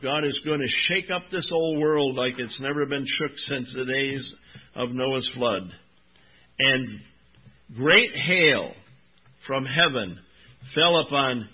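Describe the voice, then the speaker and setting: A man preaching a sermon, reading scripture with emphatic, drawn-out stresses and calling his listeners "my friend" and "folks.". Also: fairly high pitch. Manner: emphatic, drawn-out Bible reading, rising and dropping in volume. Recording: tinny phone-like recording.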